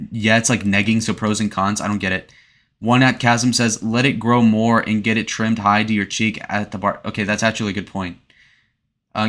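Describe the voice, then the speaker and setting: Bright-voiced young man rambling on stream. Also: on the low side. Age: 20s. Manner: rambling, profane, many fillers and restarts. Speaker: streamer reviewing his own speed date. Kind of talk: casual stream commentary reading chat. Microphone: desk webcam setup.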